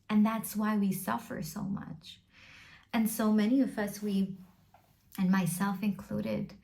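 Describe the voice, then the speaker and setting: A woman's voice: mid-range voice, a little mellow. A woman vlogger talking to camera at home in an earnest, emphatic motivational style, building her points through repeated lists. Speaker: self-help vlogger.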